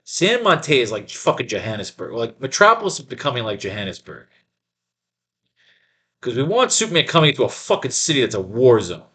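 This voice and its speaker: A man, a comic book writer, reads an old cartoon aloud and riffs on it, talking in a loose, profane, animated way. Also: medium pitch, a little fast, breathy edge. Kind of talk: reading a cartoon aloud and riffing.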